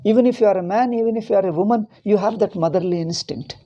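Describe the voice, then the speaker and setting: A man's voice: high-pitched, fast, warm tone, muffled recording. A middle-aged man from India with an Indian English accent, giving a rambling, impassioned religious discourse as a spiritual teacher. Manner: rambling and impassioned, with many restarts.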